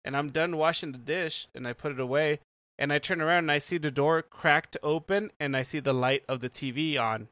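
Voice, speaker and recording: A man's voice: on the high side, fairly quick, bright, forceful tone, clear, resonant tone, dry recording. A young man telling a story on a casual podcast chat, rambling with lots of "like" fillers and frequent laughs. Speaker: podcast co-host.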